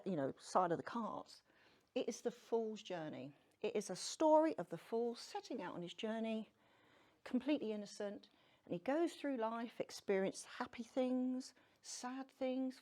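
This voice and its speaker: A woman's voice: on the high side, darkish tone. A woman giving a chatty, self-deprecating talk on tarot to a live audience, often asking them questions. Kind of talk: casual lecture to a live audience. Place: venue room with an audience.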